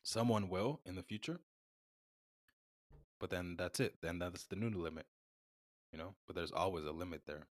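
A man co-hosting a podcast, speaking in a slow, measured, reflective way. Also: low-pitched, dry recording, clean studio sound. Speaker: podcast co-host. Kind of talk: casual podcast chat.

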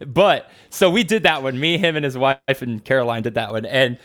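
A man's voice: medium pitch, fairly quick. A young man chatting casually on a podcast, telling a story with lots of swearing and laughter. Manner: animated storyteller, swears freely, laughs often. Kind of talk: casual profane chat.

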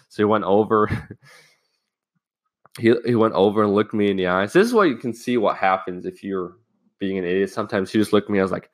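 Hosting a laid-back self-help podcast, a young man wanders through a school anecdote, cursing freely and performing the lines of each character. He speaks fairly quickly in a lowish voice.

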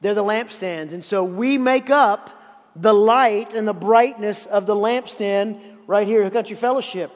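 A man's voice: high-pitched, in a large hall. A man in his fifties preaching a sermon as pastor, emphatic and often repeating words to drive a point home. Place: church sanctuary.

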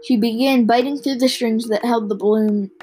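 A young narrator reading a storybook aloud, halting with restarts and little asides, and hosting a podcast. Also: mid-range voice, steady tone, darkish tone, faint music behind, poor audio.

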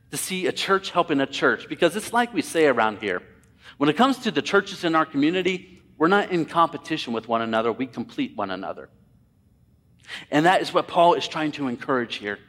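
A man preaching a sermon as pastor, talking conversationally and with emphasis, speaking directly to his congregation. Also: a little high. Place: church sanctuary. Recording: long hall reverb.

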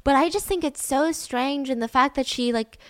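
A young woman hosting a true-crime podcast, telling the story in an animated, casual, slangy way. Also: high voice, moderate pace, no echo. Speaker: podcast host.

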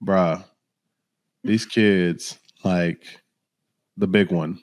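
A man in his thirties hosting a podcast in casual chat, telling lively stories about his children and acting out their voices. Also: low voice, extremely slow. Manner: animated storyteller, acts out his kids' voices. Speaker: podcast host.

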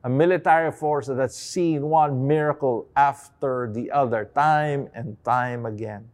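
A man's voice: medium pitch, a little slow, darkish tone. A man giving a devotional sermon, moving from a reflective story told with hesitant restarts to impassioned, rising emphasis. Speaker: preacher.

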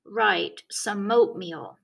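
A woman voicing a whiny five-year-old boy pleading in a slow, high voice. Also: gravelly, far from the mic, exaggerated voice.

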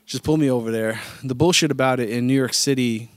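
A man's voice: mid-range voice, quick pace, dry recording. A man co-hosting a podcast, telling stories in laid-back, profane banter. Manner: laid-back storytelling, swears freely. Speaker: podcast co-host.

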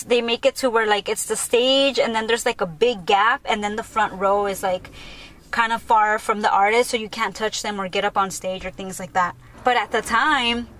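Young female podcast host, casual storyteller, excitable and giggly, slightly high voice. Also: a little hiss or hum. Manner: excitable, lots of "like" and laughter.

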